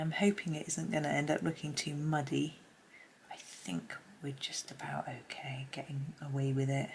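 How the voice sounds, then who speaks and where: A middle-aged woman talking softly and chattily through a colouring tutorial, often half-whispering. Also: low-pitched, gravelly, a little hiss or hum. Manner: soft-spoken, often half-whispering, chatty with small laughs. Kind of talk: casual narrated drawing tutorial.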